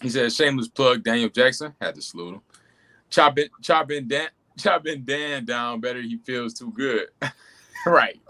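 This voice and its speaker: A man co-hosting a podcast, reading listener comments with upbeat shout-outs and banter. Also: mid-range voice, normal speed. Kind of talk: casual chat.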